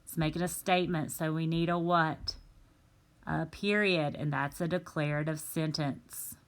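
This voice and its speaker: Woman teacher, low voice, very slow and deliberate, stretches out words for young students, tablet recording. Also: fairly even intonation. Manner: slow, careful, drawn-out word reading. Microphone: tablet microphone.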